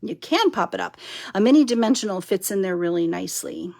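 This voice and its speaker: Casting note: woman crafting on a live stream, punchy, giggly, gravelly edge to her voice. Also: medium pitch, lively intonation, brisk, darkish tone. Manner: chatty and giggly, talks to viewers while working. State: overtired and punchy. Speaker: papercraft demonstrator.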